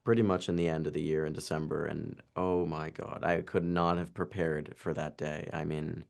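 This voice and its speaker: Young man, deep voice, gravelly fry, chatty, halting, casual interview. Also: flat delivery, darkish tone. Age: 20s. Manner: chatty, halting, full of "like" and restarts. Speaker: actor interviewee.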